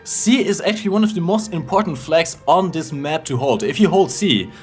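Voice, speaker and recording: A man's voice: on the high side, expressive, normal speed, faint music behind. A man co-commentating a live tank game stream, breaking down tactics with cheeky humor. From Germany. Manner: analytical, cheeky, laughs often. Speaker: esports co-commentator.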